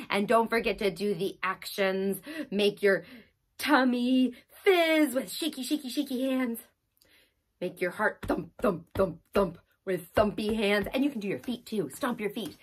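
A woman's voice: medium pitch, fairly bright tone. A woman leading a children's drama play session, acting out a story with big gasps and sighs.

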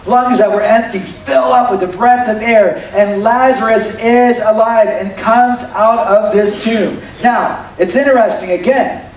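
A male pastor preaching a sermon in an animated, conversational storytelling manner, with added emphasis on key points. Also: sits high, measured pace, few pauses, a little hiss or hum. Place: church sanctuary. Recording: very echoey hall, distant mic.

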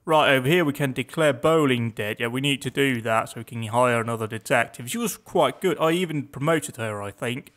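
A man's voice: mid-range voice, a little fast, hardly any pauses, a bit bright. A young man giving casual, chatty commentary on a game, reading its text aloud with wry asides. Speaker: let's play gamer.

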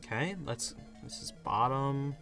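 A hoarse young man giving casual commentary while playing a game, getting frustrated and yelling at it. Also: medium pitch, measured pace, soft background music. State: hoarse, voice worn out. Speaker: gaming video creator.

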